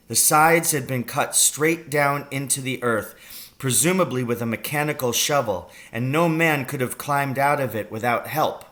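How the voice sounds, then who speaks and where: A man reading a children's novel aloud, telling the story slowly and deliberately. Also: mid-range voice, a bit bright. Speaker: reader.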